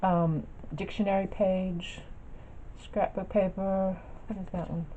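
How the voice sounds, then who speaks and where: This woman's mid-range voice is mellow, slow, and flat in delivery. Showing her craft projects on camera, the vlogger rambles through a casual show-and-tell full of fillers and restarts. Faint noise sits under the dull, lo-fi recording.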